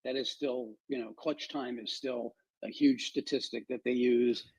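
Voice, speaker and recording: A man's voice: medium pitch, fairly even intonation, moderate pace, darkish tone, slightly rough, dry recording. A man as a show guest, earnestly explaining an idea and repeating his key points. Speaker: guest speaker. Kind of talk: conversational advice talk.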